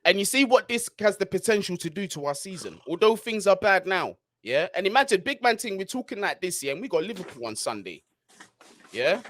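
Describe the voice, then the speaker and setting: A man's voice: high-pitched, sing-song, fairly quick, fairly bright tone, dry recording. A man hosting a casual football chat, fired up and slangy, often asking "yeah?". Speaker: host.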